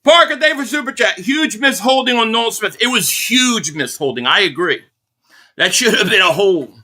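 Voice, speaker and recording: A man from the Philadelphia area hosting a live football reaction stream, calling plays as an excited fan and reading out viewer donations. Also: high voice, moderate pace. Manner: excitable fan commentary, reading out super chats.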